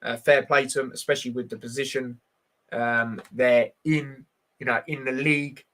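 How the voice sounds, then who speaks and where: Speaking in a medium-pitched, steady, slightly bright voice at a normal pace, a man runs a laid-back livestream predicting football results. His talk is blunt and loaded with fillers as he reads chat messages and replies to them directly.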